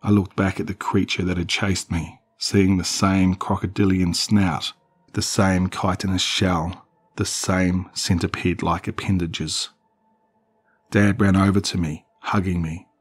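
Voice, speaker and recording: Deep, husky male horror narrator. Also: flat delivery, a little slow. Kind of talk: scripted narration.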